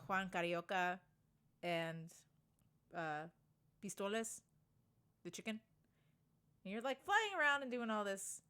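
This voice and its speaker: Woman on a podcast, bright voice, animated storyteller, swears when she gets annoyed. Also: medium pitch, clear, resonant tone. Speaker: podcast co-host. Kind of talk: casual chat.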